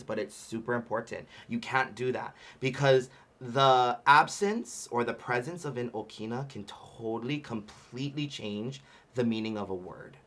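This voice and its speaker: A man leading a livestream ukulele workshop. He chats casually with lots of fillers and laughs, and sounds out Hawaiian words slowly, syllable by syllable. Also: medium pitch, fairly bright tone. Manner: chatty with frequent fillers and laughter. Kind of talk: livestream music lesson.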